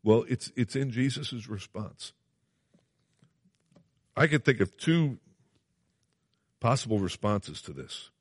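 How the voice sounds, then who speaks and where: A man's voice: mid-range voice, lively intonation, takes it slowly, long pauses, husky, dry recording, clean studio sound. A man preaching a sermon, earnest and emphatic, repeating phrases and asking his listeners questions.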